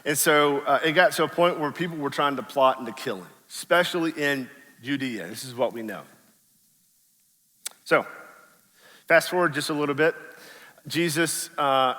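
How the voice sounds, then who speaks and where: Man, pastor, sermon, casual storyteller, does quote voices, bright tone, long church reverb. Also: a little high. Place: church sanctuary.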